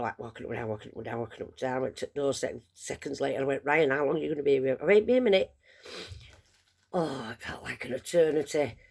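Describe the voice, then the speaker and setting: A vlogger with a rumbling low, gravelly voice talks to camera, telling a long, casual story. She rambles and mocks herself along the way.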